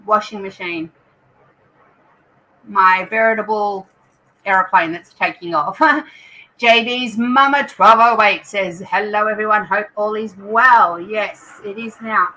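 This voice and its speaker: Bright chatty Australian woman host. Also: medium pitch, takes it slowly, rough recording. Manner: chatty, reads out viewer comments. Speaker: craft channel host. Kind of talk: live stream chat, greeting viewers.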